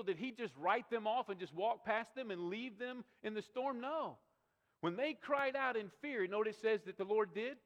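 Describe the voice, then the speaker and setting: A male pastor with a high-pitched voice preaches a sermon at a moderate pace, emphatic and repetitive, putting rhetorical questions to his congregation. The recording carries the long reverb of a large hall.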